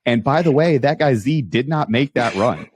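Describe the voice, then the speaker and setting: A man hosting a podcast, telling animated anecdotes with many restarts and asking his guest questions. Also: mid-range voice, normal speed, slightly rough. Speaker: podcast host. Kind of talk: casual storytelling interview.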